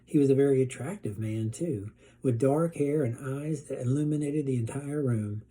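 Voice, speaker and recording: Male teacher, storybook read-aloud, dark husky voice, steady. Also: mid-range voice, moderate pace.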